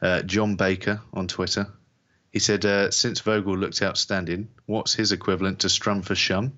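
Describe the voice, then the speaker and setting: A man from England co-hosts a podcast in a very low voice, rambling casually with plenty of ums and uhs. The recording sounds somewhat dull and lo-fi. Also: moderate pace. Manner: relaxed, rambling with fillers. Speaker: podcast co-host. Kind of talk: casual chat.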